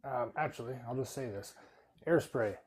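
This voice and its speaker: A man's voice: medium pitch, moderate pace, slight background noise. A man hosting a live panel chat, earnest and plain-spoken with frequent "um" fillers and some swearing. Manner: earnest, profane, filler-heavy. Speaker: host of live discussion panel.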